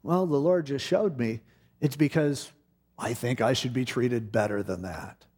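A middle-aged man preaching a sermon, telling a personal story with animated delivery and acting out the voices in it. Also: mid-range voice, unhurried, slightly rough. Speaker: pastor.

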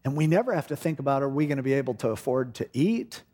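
A middle-aged man preaching a sermon, telling a personal story with animated delivery and acting out the voices in it. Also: medium pitch, quick pace. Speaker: pastor.

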